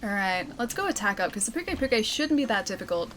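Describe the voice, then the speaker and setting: A woman's voice: mid-range voice, very animated, brisk, fairly bright tone, a little hiss or hum. A young adult woman with an Australian accent, chatting casually on a live stream while gaming, laughing often as she answers chat.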